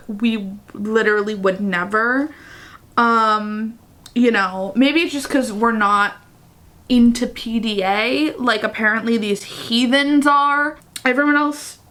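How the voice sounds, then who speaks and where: Woman vlogger, higher voice, unhurried, chatty giggly asides while reading aloud. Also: a bit bright. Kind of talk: casual reading vlog with commentary.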